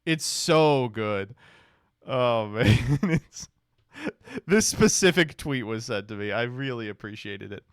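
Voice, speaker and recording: Animated, lively man streamer. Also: mid-range voice, slow, clean tone, no room sound, clean studio sound. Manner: animated, swears freely, laughs often. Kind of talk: casual reaction commentary.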